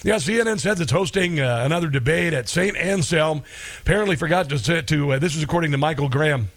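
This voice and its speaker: Male talk radio host, slightly high voice, loose sarcastic monologue with chuckles. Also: fast. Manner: rambling, sarcastic, chuckles at own jokes.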